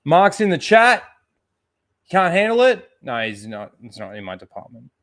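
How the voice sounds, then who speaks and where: A man's voice: high-pitched, big pitch swings, moderate pace, a bit bright. A man hosting a livestream in casual chat, swearing freely and rambling as he stalls for time. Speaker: livestream host.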